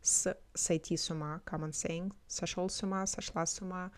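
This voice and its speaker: A language teacher whose first language is Russian explains words and phrases from language clips in a relaxed, teacherly manner. Her voice is low for a woman, and she fills her pauses with lots of ums.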